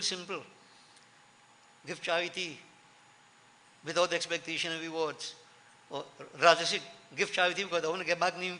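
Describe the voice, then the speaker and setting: Earnest high-voiced preacher in a hall. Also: male voice, sharp tone. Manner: earnest, repeats key lines for emphasis. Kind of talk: sermon. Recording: long hall reverb.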